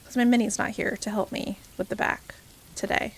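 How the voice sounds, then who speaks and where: A young woman runs a variety live stream, chatting cheerfully and casually with viewers, greeting them by name and laughing a lot. Her voice is fairly high and her pace moderate.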